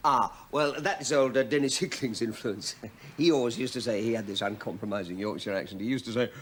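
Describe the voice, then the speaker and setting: An actor playing a stubborn middle-aged male research professor who talks in halting, rambling, defensive bursts. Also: medium pitch, slight background noise, lightly acted. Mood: flustered. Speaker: research scientist. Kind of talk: 1980s television drama.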